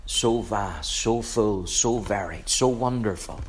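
A man preaching a sermon in a measured, emphatic way, repeating phrases for weight. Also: fairly low pitch, a little hiss or hum.

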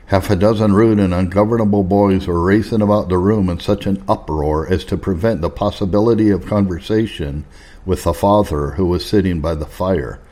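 A man reading an old instructive text aloud in a measured, formal manner. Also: low voice, mellow. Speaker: narrator.

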